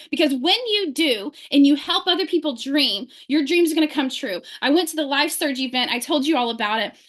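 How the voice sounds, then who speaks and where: She's a sales team leader with a high, slightly bright voice, rallying her team through a video-call mic with a fervent speech and rapid-fire questions.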